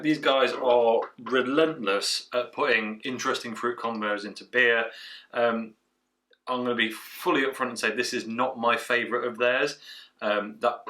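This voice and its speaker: A man's voice: mid-range voice, pushed and bright, recorded from a distance. A man giving a chatty, rambling craft beer tasting review. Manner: chatty, rambling, trails off with fillers.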